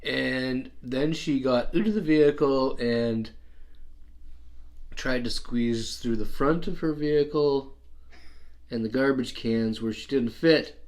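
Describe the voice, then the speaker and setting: A man's voice: mid-range voice, slow pace, a little mellow. A Canadian man with an everyday mid-range voice tells a neighbour story in casual chat. He is blunt, swears freely and laughs often. His accent is Canadian English. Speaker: channel host.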